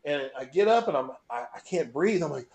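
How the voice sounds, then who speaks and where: A man's voice: a little high, brisk. A middle-aged man, a guest on an interview show, telling a story in a loose, profane way and acting out the moments as he goes. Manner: animated, profane, acts out scenes. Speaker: guest, bench press record holder. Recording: roomy echo.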